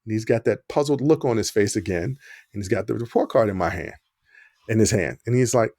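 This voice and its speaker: A man hosting a podcast, telling a personal story in a casual, animated way. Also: fairly low pitch, brisk, no echo, studio quality. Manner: animated, acts out the quoted dialogue. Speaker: podcast host.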